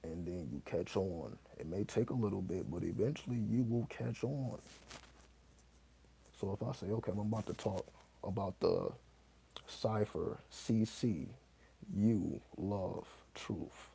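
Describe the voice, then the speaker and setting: Deep gravelly man, profane and emphatic. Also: measured pace, dark tone, slight background noise. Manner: profane, emphatic, spells out words letter by letter. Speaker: host answering viewer questions. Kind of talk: casual monologue to camera.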